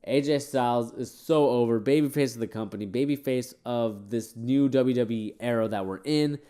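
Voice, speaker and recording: A man's voice: medium pitch, moderate pace, warm tone, clean tone. A man giving casual, opinionated commentary on a wrestling event, rambling with fillers and sounding tired. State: tired, yawning. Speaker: wrestling show reviewer.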